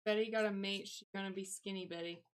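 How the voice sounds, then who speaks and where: A woman's voice: mid-range voice, steady tone, fast, clean tone. A young woman with a Southern American twang, rambling casually to her live-stream chat from a home setup on a desk mic. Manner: rambling, chatty, reads and answers chat aloud. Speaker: livestreamer.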